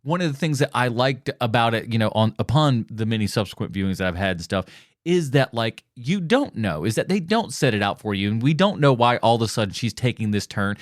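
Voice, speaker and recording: Lively jokey man, podcast co-host. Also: medium pitch, brisk, no echo, clean studio sound. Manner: jokey, slips into silly put-on voices, laughs a lot. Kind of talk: casual movie chat.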